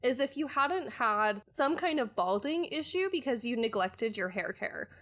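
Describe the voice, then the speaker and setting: A woman voicing a blunt female adventurer who lectures and scolds in a raised, higher voice. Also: animated, moderate pace, a bit bright. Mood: scolding.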